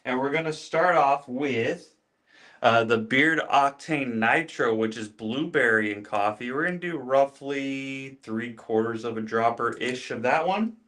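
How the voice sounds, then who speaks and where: Here the host's voice is mid-range and a little bright, his pace unhurried. On his casual livestream he demonstrates how he cares for his beard while chatting with the audience, naming those he greets and repeating himself.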